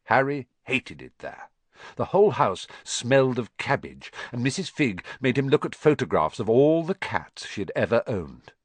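A man narrating a children's storybook audiobook with an expressive, dramatic reading. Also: mid-range voice, normal speed, no room sound.

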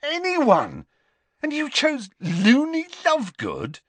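A man's voice: a little high, wildly swooping pitch, moderate pace, fairly bright tone, no echo, pitched above the performer's own voice, exaggerated voice. A man voicing a sulky teenage boy who blurts out disbelief and mutters. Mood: incredulous. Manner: exclaiming, then muttering.

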